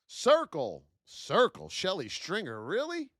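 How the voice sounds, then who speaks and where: A man in his thirties runs a live trading stream, his voice riding very high and leaping all over the place as he hypes up the chat. He shouts out viewers by name, and the sound is close and completely dry. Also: wildly swooping pitch, unhurried, dry recording. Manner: hyped-up, shouts out viewers' names; calls viewers "my beauties". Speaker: trading educator and livestream host.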